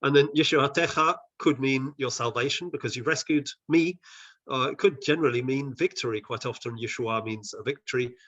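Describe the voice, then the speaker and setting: A man who advises on Bible translation, leading a session on a video call with thoughtful explanations, often pausing and restarting. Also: medium pitch, a bit bright, muffled recording. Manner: thoughtful, with frequent hesitations and restarts. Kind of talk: explanatory teaching talk.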